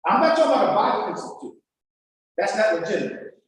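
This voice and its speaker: A man's voice: high-pitched, sing-song, quick pace, far from the mic, slight background noise. A male pastor teaching in an emphatic, repetitive, folksy preaching manner. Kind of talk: sermon-style teaching talk. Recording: very echoey church hall, heard from afar.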